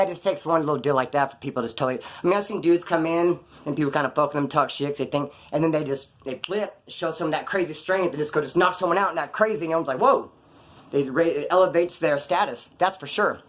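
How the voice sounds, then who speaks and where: A man's voice: on the high side, a bit bright. A man in a casual vlog, telling stories from prison in a rambling, profane, slangy way. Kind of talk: casual storytelling to camera.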